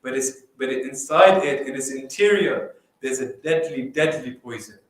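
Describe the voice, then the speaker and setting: A man giving a dramatic sermon, telling stories and reciting Arabic quickly. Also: fairly high pitch. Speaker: majlis speaker. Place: mosque hall. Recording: echoey hall, distant mic.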